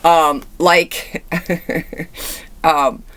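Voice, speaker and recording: A woman's voice: sits low, steady tone, very slow, fairly bright tone. A woman in her thirties talking casually in a personal vlog, chatty and candid, with many fillers and restarts. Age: 30s. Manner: candid and reflective. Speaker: vlogger.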